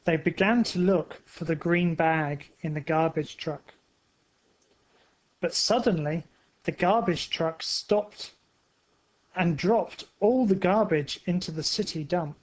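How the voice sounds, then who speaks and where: A man narrates a simple story for English learners in a high, light voice. He reads very slowly, pausing between short phrases so each sentence lands clearly. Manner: careful, evenly spaced phrasing. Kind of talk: slow graded-reader narration for English learners.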